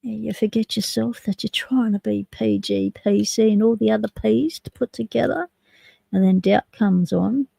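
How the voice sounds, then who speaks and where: A woman's voice: medium pitch, steady tone, moderate pace, gravelly, warm tone, husky, no room sound, low-quality recording. A woman from South Australia with an Australian accent, hosting a live stream and chatting casually with viewers while she picks locks. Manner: chatty, jokey, talks to chat while picking locks.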